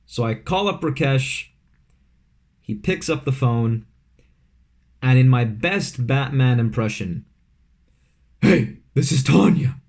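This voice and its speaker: A man's voice: medium pitch, slow, pauses often, darkish tone. A young man from Vancouver, telling a casual storytime at home, full of fillers and asides. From Vancouver, Canada. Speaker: vlogger. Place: his room at home.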